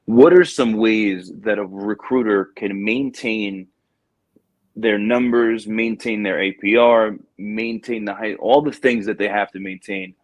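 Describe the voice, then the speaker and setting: Guy hosting a podcast, lowish voice, telling stories and doing voices for folks. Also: unhurried, no echo, lo-fi sound. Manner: animated storyteller, acts out quoted people. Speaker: podcast host. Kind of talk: casual storytelling chat.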